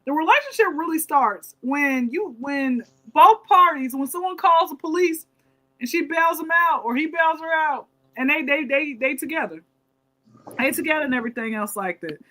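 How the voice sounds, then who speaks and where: A woman's voice: high-pitched, expressive, normal speed, pushed and bright, low-quality recording. A woman hosting a casual panel chat, chatty, repeating her words and laughing often. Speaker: podcast host.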